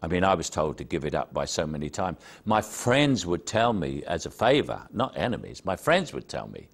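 Older cockney guy, real low voice, telling self-deprecating stories about his acting days. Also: wildly swooping pitch, moderate pace, vocal fry. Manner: anecdotal, self-deprecating storytelling. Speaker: actor interviewed about his career. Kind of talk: reminiscing interview.

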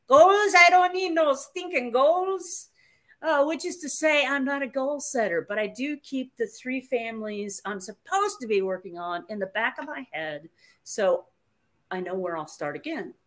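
A woman's voice: a little high, expressive, normal speed. A woman hosting a casual livestream chat, reading viewer comments aloud in a chatty, playful way.

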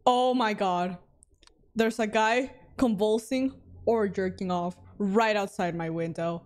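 A woman's voice: mid-range voice, slow, a little mellow. A woman streaming a horror game, talking to her chat with jumpy, dramatic reactions and frequent laughs. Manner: talks to chat. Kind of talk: live game commentary.

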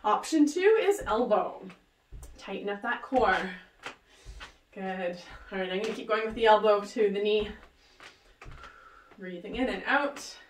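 A woman's voice: medium pitch, lively intonation, a little slow, long pauses, a little hiss or hum. A woman leading a workout, upbeat and cheering with whoops and countdowns while she exercises along. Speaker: fitness instructor. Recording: roomy, voice distant from the mic.

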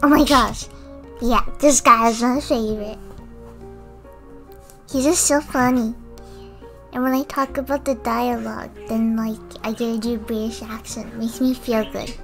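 A woman's voice: on the high side, steady tone, a little slow, pauses often. Female streamer, casual and chatty, talking over her gameplay and thanking viewers; light game music behind.

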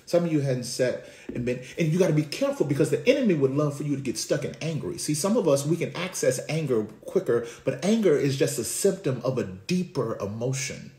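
A man preaching a sermon as pastor, talking in a conversational way with slang. His call-and-response delivery swings from hushed lows to shouting. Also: sing-song, brisk, reverberant.

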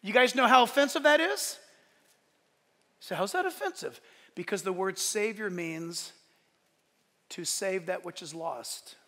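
A pastor preaching a sermon to his church, emphatic and animated, with joking asides. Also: sits high, measured pace, long pauses. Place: church sanctuary during a service. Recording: long reverb of a large hall.

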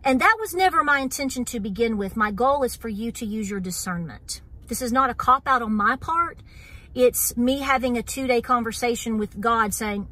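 East tennessee lady vlogging, kinda high bright voice, earnest and wound up, lots of y'all. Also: normal speed. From Southern Appalachia. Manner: earnest and wound up, repeats "so here's the deal", says y'all. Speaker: homestead channel host. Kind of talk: casual vlog talk to viewers.

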